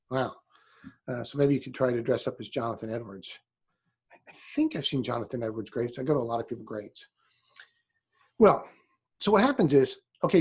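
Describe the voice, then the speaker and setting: A man's voice: medium pitch, darkish tone, slightly rough. A middle-aged man giving a conversational classroom history lecture, with fillers, restarts and teasing asides to his students. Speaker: history teacher.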